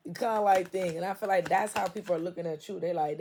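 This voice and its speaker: A tarot reader gives a casual, profane and playful reading, blunt, swearing constantly and laughing a lot. Her voice is low and dark, she talks briskly, and there's a little hiss or hum in the recording.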